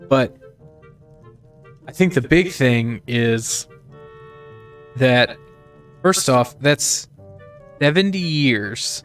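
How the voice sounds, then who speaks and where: A young man hosting a let's play in casual gaming chat, an animated storyteller who swears casually. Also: mid-range voice, a little slow, pauses often, soft background music.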